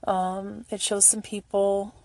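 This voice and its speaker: A middle-aged woman and single mother giving a casual, emotional commentary as she reads fan charity posts aloud, gushing and slowing down to read. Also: mid-range voice, flat delivery, vocal fry, dark tone, dry recording.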